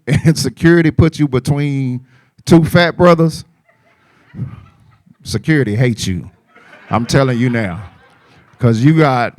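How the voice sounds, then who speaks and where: A man's voice: mid-range voice, no echo. A man doing casual stand-up comedy and emceeing, telling stories and throwing rhetorical asides to the audience.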